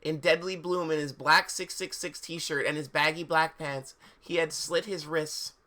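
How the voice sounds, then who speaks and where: A man's voice: a little high, fairly even intonation, measured pace, pushed and bright. A man reading fan fiction aloud on a live stream, breaking off for sarcastic, incredulous asides. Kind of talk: mocking dramatic reading with commentary.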